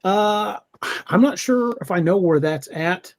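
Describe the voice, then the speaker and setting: A man from the American Midwest hosts a live podcast in a loose, chatty way. His voice sits a bit high, and he wanders and restarts his sentences as he reads comments from the chat. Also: unhurried. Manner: rambling and self-correcting, with frequent restarts. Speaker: podcast host. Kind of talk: casual live-stream chat reading viewer comments.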